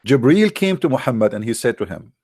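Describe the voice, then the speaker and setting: A man's voice: mid-range voice, big pitch swings, brisk, a little mellow, dry recording, clean studio sound. A man hosting a live stream, arguing emphatically and scornfully in non-native English, repeating words for effect. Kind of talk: argumentative commentary to a live chat.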